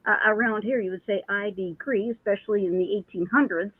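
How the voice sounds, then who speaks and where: A woman's voice: medium pitch, quick pace, breathy edge, no room sound. A woman who works as a psychic medium talks casually and at length, restarting her sentences often. She comes through a thin, tinny phone line with no room sound. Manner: chatty, storytelling with many restarts and laughs. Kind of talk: casual chat.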